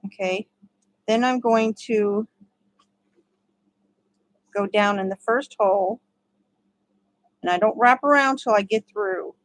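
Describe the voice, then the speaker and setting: A woman's voice: mid-range voice, slow pace, pauses often, no echo, low-quality recording. A woman giving a casual step-by-step crochet tutorial, chatty and laughing often. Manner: chatty, laughs often, talks to her dogs.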